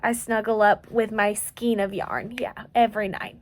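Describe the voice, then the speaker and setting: Speaking at a moderate pace in a medium-pitched, flat voice, an eighteen-year-old crochet vlogger rambles through a casual late-night video at home. She has a light Southern US country accent and is chatty and self-joking.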